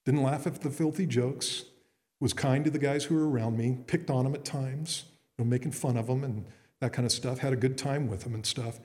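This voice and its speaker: A man's voice: medium pitch, fairly even intonation, fairly quick, darkish tone. A middle-aged man, a pastor, preaching earnestly in a conversational way with frequent restarts. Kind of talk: sermon. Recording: long reverb in a hall.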